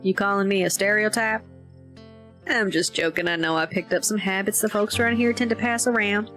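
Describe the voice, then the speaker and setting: Gruff older farmer, voiced by a woman, folksy, faint music behind. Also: medium pitch, fairly even intonation, a little fast, a bit bright, lightly acted. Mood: wry grumbling. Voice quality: folksy, plain-spoken. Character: gruff older mountain man farmer, blunt.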